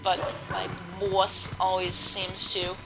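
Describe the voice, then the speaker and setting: Woman, chatty gamer, rambling commentary, mid pitch, loud game music behind. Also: completely flat delivery, slow, vocal fry, rough recording. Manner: rambling, self-deprecating, chatty. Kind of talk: let's play commentary.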